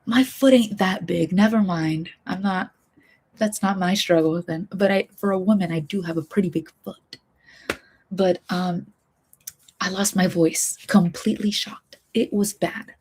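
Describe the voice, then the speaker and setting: Breathy soft-spoken young woman. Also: on the low side, unhurried. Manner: rambling, drifting in and out of whisper. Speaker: streamer and hobby voice actor. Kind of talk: soft-spoken casual chat stream.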